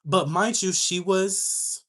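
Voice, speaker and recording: A young woman hosting a livestream, telling a story to her chat in a sassy, animated way. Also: medium pitch, takes it slowly. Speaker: livestream host.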